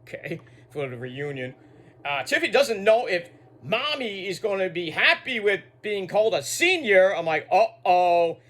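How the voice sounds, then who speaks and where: Lively, high-voiced man recapping a match. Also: moderate pace. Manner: rambling, with asides and repeated words; swears freely. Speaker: wrestling show reviewer. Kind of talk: casual recap commentary.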